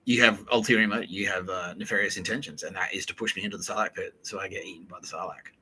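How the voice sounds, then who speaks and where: A man's voice: low voice, steady tone, fast, bright, forceful tone, slight background noise, low-quality recording. A man hosting a podcast, telling a wild story in a rambling, profane comic monologue with frequent laughter. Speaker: podcast host.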